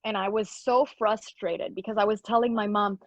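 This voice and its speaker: A woman's voice: mid-range voice, steady tone, normal speed, no room sound. A woman guest in a casual interview, talking in an effusive, upbeat way and laughing often. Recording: dull lo-fi dry sound.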